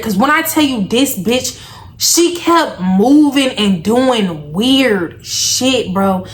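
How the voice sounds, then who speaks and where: A young adult woman vlogger casually retelling a story, animated and slangy, acting out the lines of the people in it. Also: on the high side, slow.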